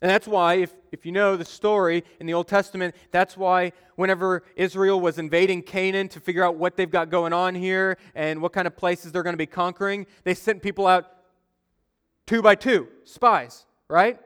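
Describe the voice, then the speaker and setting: Pastor with a high, smooth voice. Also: male voice, steady tone, normal speed, a bit bright. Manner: conversational, storytelling with acted-out quotes. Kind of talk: sermon. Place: church sanctuary. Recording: long reverb of a church hall.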